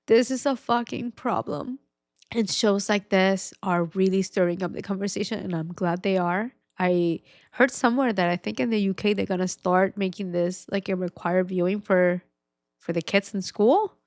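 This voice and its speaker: A woman's voice: mid-range voice, fairly even intonation, normal speed, dry recording, clean studio sound. A woman hosting a podcast, speaking frankly and emotionally in a personal monologue, swearing often. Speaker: podcast host.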